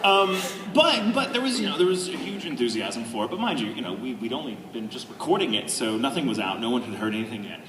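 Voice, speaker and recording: A man, a voice actor on a convention panel, telling a casual story to a live audience, animated and laughing often. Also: medium pitch, quick pace, few pauses. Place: large convention hall. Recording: echoey hall, distant noisy mic.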